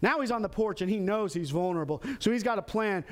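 High-voiced man preaching a sermon. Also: fast talker, hardly any pauses. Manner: animated, acts out quoted lines with sudden pitch jumps. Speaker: pastor. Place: church in Texas.

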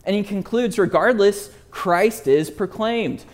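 High-voiced man preaching earnestly. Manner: earnest, asks listeners direct questions; emphatic, slows down on quoted verses. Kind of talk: expository sermon.

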